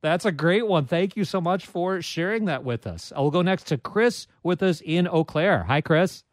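A man's voice: fairly high pitch, animated, normal speed, no room sound. A man hosting a live call-in radio show, chatting in a friendly, self-deprecating way with callers. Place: radio studio. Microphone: studio microphone.

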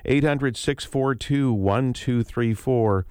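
A man hosting a public radio morning talk show, measured and friendly, asking questions with small fillers. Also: medium pitch, darkish tone, clear, resonant tone, dry recording, studio quality.

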